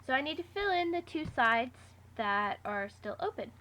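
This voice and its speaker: A woman's voice: high-pitched, big pitch swings, normal speed, sharp tone. A woman talking casually through a do-it-yourself craft tutorial, giving step-by-step instructions with the odd "um". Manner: chatty, step-by-step instructions with fillers. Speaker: craft vlogger.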